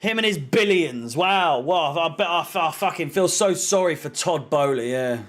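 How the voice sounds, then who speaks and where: A man's voice: a little high, lively intonation, normal speed, fairly bright tone. A man hosting a live match watch-along, sarcastic and swearing, with frustrated outbursts at the players. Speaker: fan channel host watching a match.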